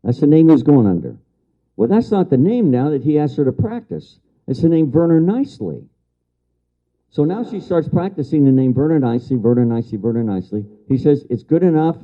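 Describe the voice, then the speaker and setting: A man's voice: on the high side, animated, brisk. Older man telling a story to an audience. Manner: repeats key phrases for emphasis; answers audience remarks. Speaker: lecturer. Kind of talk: storytelling lecture. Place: lecture room with audience. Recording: dull lo-fi lecture recording.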